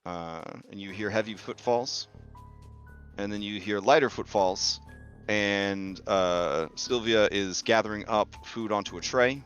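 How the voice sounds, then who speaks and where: A man's voice: lowish voice, unhurried, a bit bright, faint music behind. A man game master narrating a tabletop game on stream in a chatty way, full of fillers. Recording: dull lo-fi stream audio.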